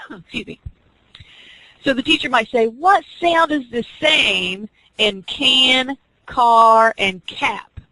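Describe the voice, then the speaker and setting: A woman's voice: fairly high pitch, takes it slowly, long pauses, sharp tone, no room sound, poor audio. A woman teaching an online class, explaining reading skills step by step and acting out teacher and student examples. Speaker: teacher educator.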